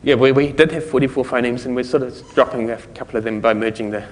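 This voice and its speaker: In a long, reverberant hall, a man with a New Zealand accent talks fast through a technical presentation on speech recognition. His voice is medium-pitched and steady, and his delivery is loose and self-correcting, broken by the odd chuckle.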